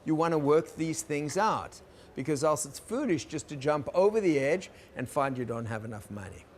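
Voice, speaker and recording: A man teaching about conflict in a gentle, explaining lecture style, checking in with his listeners. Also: a little high, expressive, normal speed, a little hiss or hum. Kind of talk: recorded lecture.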